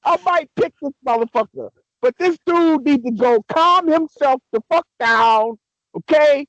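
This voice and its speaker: A young man on a casual sports podcast, ranting excitably and swearing a lot. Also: very high voice, unhurried, no echo, rough recording. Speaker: podcast co-host.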